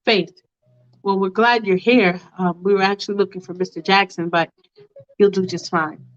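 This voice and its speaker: A woman's voice: medium pitch, steady tone, moderate pace, lightly acted. A woman voicing a polite, hesitant police officer delivering bad news. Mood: apologetic. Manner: soft, apologetic, hesitant. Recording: dull lo-fi recording.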